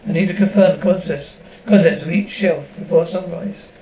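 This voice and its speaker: Guy with a slightly high voice reading a drama dub and its sound cues, kinda dull audio. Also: moderate pace, warm tone, slight background noise. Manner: reads sound cues aloud between lines.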